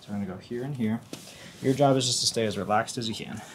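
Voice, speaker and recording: A male chiropractor talking a patient through treatment in a calm, instructive way with the odd light joke. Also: medium pitch, fast, slight background noise.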